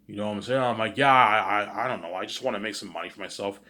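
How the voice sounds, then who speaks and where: A man telling a rambling story out loud, acting out each character's lines and filling gaps with "you know what I'm saying". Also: sits low, fairly even intonation, fast, few pauses.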